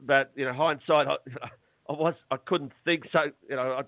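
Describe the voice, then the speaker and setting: Middle-aged man, phone-in guest, fairly high voice, halting and agitated, dry tinny line. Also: steady tone, dry recording. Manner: agitated, halting, repeats words. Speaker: interview guest. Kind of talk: phone interview.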